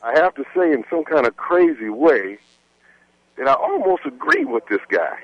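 A man's voice: fairly high pitch, wildly swooping pitch, normal speed, highs cut off. A man calling in to a radio show, easygoing and rambling. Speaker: caller.

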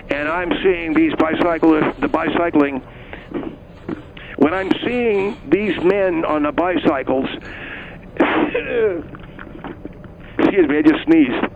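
A man playing an excitable, touchy police officer guest who stammers and flies into outbursts, in a comedy radio bit. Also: on the high side, slow, narrow, tinny audio, background noise. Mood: flustered. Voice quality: stammering, gravelly. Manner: flustered, easily riled, outbursts. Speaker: comedic caller playing a cop.

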